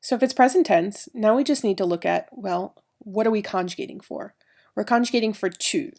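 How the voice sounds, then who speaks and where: A woman's voice: medium pitch, dark tone. A woman teaching a recorded French grammar lesson, explaining each step and spelling out letters.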